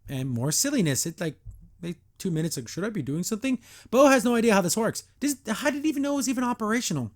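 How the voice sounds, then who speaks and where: A man's voice: sits high, sing-song, quick pace. A man hosting a podcast, reviewing a cartoon episode in a sarcastic, exasperated way and acting out the characters' lines.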